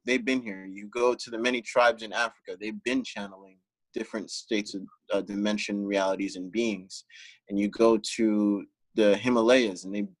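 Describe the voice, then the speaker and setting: A man's voice: fairly low pitch, rough recording. A man chatting as a guest, musing hesitantly with many fillers and restarts. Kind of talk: casual group chat.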